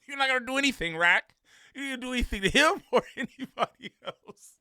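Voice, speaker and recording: Animated laughing man reacting to clips. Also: very high-pitched, a little slow, long pauses, no room sound, studio quality. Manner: animated, laughing, slangy, mimics people. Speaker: reaction streamer.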